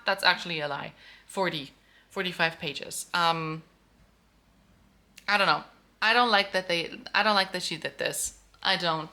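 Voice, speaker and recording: A woman reacting to a romance novel in a casual book vlog, animated and outspoken, swearing freely. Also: sits low. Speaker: book vlogger.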